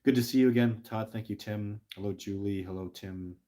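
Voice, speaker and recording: Hosting a casual livestream, a middle-aged man speaks fairly quickly in a mellow, fairly low voice with mostly even intonation. He's short on sleep and answers viewer questions in an earnest, passionate, emotional ramble. He keeps restarting and stammering over repeated words.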